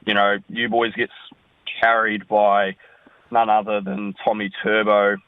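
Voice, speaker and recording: Man, New Zealand accent, tinny phone line, lowish voice, glum and candid. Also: flat delivery, measured pace, smooth, no room sound. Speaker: caller. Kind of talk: phoned-in voice message.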